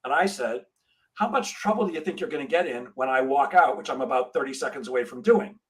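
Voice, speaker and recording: A man's voice: medium pitch, fast talker, poor audio. A middle-aged man, a sales trainer and guest, telling a story in a podcast interview and acting out the dialogue. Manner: animated storyteller, acts out dialogue.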